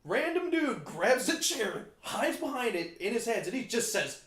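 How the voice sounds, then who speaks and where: A man co-hosting a podcast, retelling film scenes in an animated casual chat and swearing freely. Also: very high voice, normal speed. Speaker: podcast co-host. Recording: roomy echoey room.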